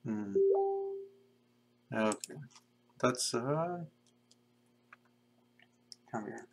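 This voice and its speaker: A young man casually talking to himself in a flat monotone while drawing pixel art on a live stream. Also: medium pitch, drawn-out words, creaky, soft background music. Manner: mumbling to himself, self-described monotone. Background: keyboard typing and clicking.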